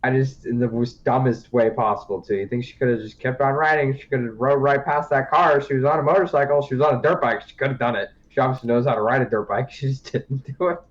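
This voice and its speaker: A man's voice: mid-range voice, quick pace, few pauses, lo-fi sound. A man co-hosting a podcast, recapping a TV series in casual, rambling chat, swearing and laughing often. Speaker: podcast co-host.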